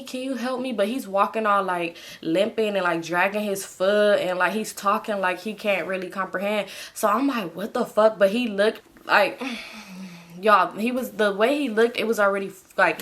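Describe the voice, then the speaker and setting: Slangy young woman telling a story. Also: medium pitch. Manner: animated, slangy, swears freely, addresses viewers as y'all. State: sleepy. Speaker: storytime vlogger. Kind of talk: casual storytelling to camera.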